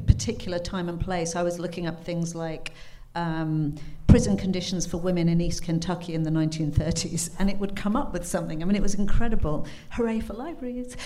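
A woman's voice: fairly low pitch, dark tone. A woman with an English accent, a guest author in a casual interview. She is chatty and self-deprecating, and she laughs often. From England.

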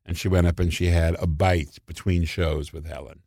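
A man's voice: low voice, moderate pace, slightly rough, dry recording, studio quality. An older man, a comedy writer, telling anecdotes animatedly and often laughing. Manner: animated, acts out voices and laughs a lot. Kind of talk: anecdotal storytelling.

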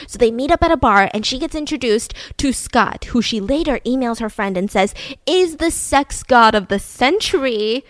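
A woman's voice: a little high, dry recording. A woman hosting a podcast, telling a true-crime story in a chatty way, swearing casually and laughing between points. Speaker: podcast host.

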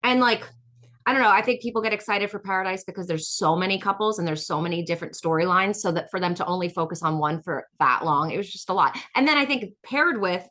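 Bright-voiced woman chatting opinionatedly. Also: lowish voice, quick pace. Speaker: podcast co-host. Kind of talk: casual chat.

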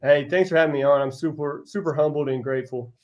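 A young adult man, a college basketball coach, telling heartfelt stories as a podcast guest, earnest and halting with restarts. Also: on the high side, steady tone, highs cut off. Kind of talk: casual podcast storytelling.

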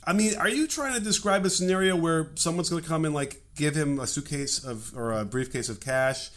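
A man's voice: a little high, fairly quick, a bit bright. A man from Chicago co-hosting a podcast, joking and rambling with fillers. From Chicago, USA. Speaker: podcast co-host. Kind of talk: casual political chat.

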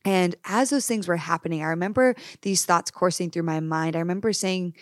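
A woman's voice: fairly low pitch, fairly quick, no echo, clean studio sound. A young woman hosting a solo podcast, speaking earnestly and emphatically, addressing her listeners directly. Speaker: podcast host. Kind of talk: candid solo podcast talk.

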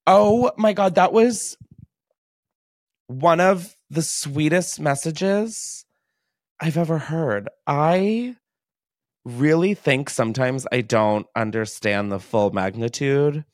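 A man's voice: on the high side, expressive, slow, darkish tone, no room sound, studio quality. A man hosting a casual podcast from his basement, emotional, giggly and casually swearing. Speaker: podcast host.

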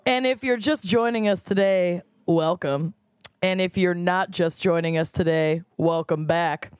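A woman's voice: on the low side, a little slow, smooth, no room sound, studio quality. A woman co-hosting a casual podcast, joking and bantering with friends. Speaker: podcast co-host. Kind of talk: casual chat.

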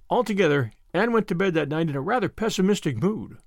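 Expressive male audiobook narrator. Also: high-pitched, dry recording, studio quality. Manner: expressive, measured storytelling. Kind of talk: audiobook reading of a classic novel.

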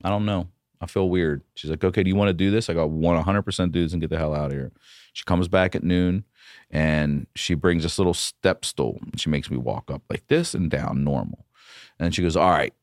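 A man, a comedian guest on a podcast, telling a story in a casual, profane, animated way. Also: low-pitched, a little fast, no echo, clean studio sound.

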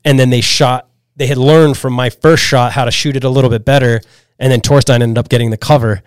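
Animated storytelling snowboarder man, dry sound. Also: mid-range voice, a little fast, smooth, dry recording. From Pennsylvania, US. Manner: animated storyteller, many "like"s and restarts. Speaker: podcast guest. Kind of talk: casual storytelling chat.

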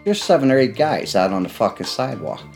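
A man's voice: mid-range voice, big pitch swings, quick pace, vocal fry, darkish tone, soft background music. Profane older man telling mob stories. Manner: acts out the voices of people in his stories. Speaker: interviewee, former mob associate. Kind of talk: profane storytelling interview.

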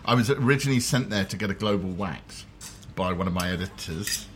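A man's voice: low-pitched, brisk, slight background noise. A man hosting a casual chat over a restaurant meal, telling wry, self-deprecating stories. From London. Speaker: host. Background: cutlery and dishes clattering.

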